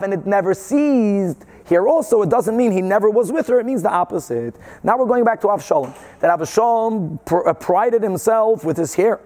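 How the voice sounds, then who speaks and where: A man with a high voice leads a daily Talmud class. He reads each Aramaic or Hebrew phrase, then translates it into English, and he poses questions to his listeners as he goes. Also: darkish tone. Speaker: Talmud teacher. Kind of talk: daf yomi Talmud class.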